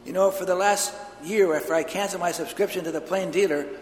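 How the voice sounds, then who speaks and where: A man's voice: sits high, fairly even intonation, fast, a little hiss or hum. A man preaching a homily, earnest and telling stories, in a large church. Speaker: priest. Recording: echoey church hall with long reverb.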